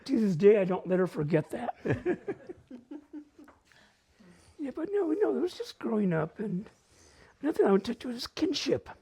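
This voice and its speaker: A man with a northern New Mexico accent tells family stories at an open mic in a very raspy, dark voice. His pitch swings a lot as he jokes and slips Spanish phrases into his English. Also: moderate pace, long pauses. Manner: animated and humorous, mixing Spanish phrases. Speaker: storyteller at a community open mic. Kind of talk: casual personal storytelling.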